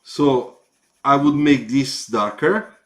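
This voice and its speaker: A man with an Italian accent giving live feedback on car sketches, slow and halting, with encouraging asides. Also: medium pitch, fairly bright tone.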